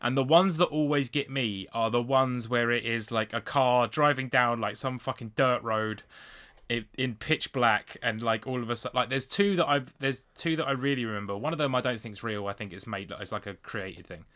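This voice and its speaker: A man co-hosting a podcast, telling stories in casual, sweary chat and acting out shouted quotes. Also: medium pitch, normal speed. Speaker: podcast co-host.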